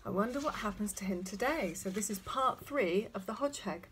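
A woman reading a children's story aloud, speaking gently and addressing young listeners directly. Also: medium pitch, animated, fairly quick, slight background noise.

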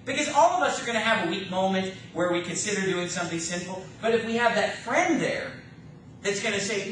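A man's voice: high-pitched, lively intonation, brisk, fairly bright tone, a little hiss or hum. A man preaching a sermon as pastor, emphatic and rising and falling in force, recorded from a distance in an echoey church. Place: church sanctuary. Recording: echoey church room from far off.

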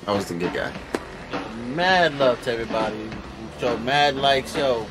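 A man streaming, chatting casually in an excitable, slangy way, and he swears now and then. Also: medium pitch, moderate pace.

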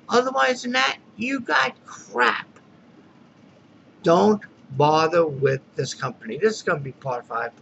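A man's voice: sits high, creaky, fairly bright tone. A man venting in an irritated, exasperated rant as a dissatisfied customer in a complaint video. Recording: dull lo-fi recording with faint noise.

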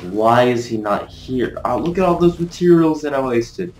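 A man giving live gameplay commentary as a gaming video creator, excitable, cursing mildly and trash-talking his opponents. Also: medium pitch, moderate pace, a little hiss or hum. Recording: roomy echo.

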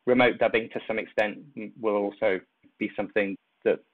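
A man, an industry executive, giving a measured, explanatory interview answer and weighing options aloud over remote call audio. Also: on the low side, steady tone, no room sound. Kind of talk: interview answer on business strategy. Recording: tinny phone-like line, dry.

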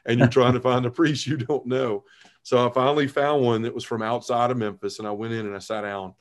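A man's voice: medium pitch, fairly quick. Earnest man telling his life story. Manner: earnest, animated storytelling, acting out his own past voice. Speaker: podcast guest.

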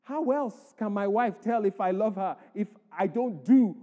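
A man's voice: high voice, animated, measured pace, mellow. A man preaching a sermon as pastor, emphatic, reading scripture aloud to the church. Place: church hall. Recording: echoey church hall.

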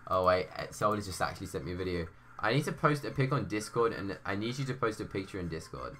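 A man's voice: low-pitched, sing-song, quick pace, bright, forceful tone, slight background noise. A young man chatting casually on a gaming live stream, reading viewer messages aloud and answering them.

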